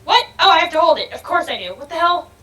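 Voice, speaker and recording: A young woman giving let's-play commentary on a game, excitable, swearing freely and yelling and laughing as she plays. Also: extremely high pitch, quick pace. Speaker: gaming video creator.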